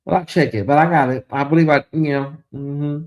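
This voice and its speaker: A man's voice: a little high, fairly even intonation, fairly quick, darkish tone. A man hosting a casual late-night livestream in a chatty, drawling way, reading viewer comments aloud and talking to the audience as "y'all". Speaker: livestream host.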